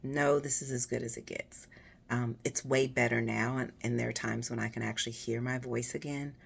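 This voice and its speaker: A woman with a husky, raspy, hoarse voice talks casually and encouragingly to her viewers in a personal, unhurried way. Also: a bass voice, fairly even intonation. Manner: warm, personal, unhurried with fillers. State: hoarse after voice surgery. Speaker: vlogger.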